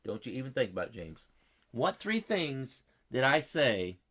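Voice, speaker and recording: A man's voice: medium pitch, sing-song, measured pace, fairly bright tone. A man hosting a live weather stream, chatting with viewers in a folksy, repetitive way and quizzing his chat. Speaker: weather livestream host.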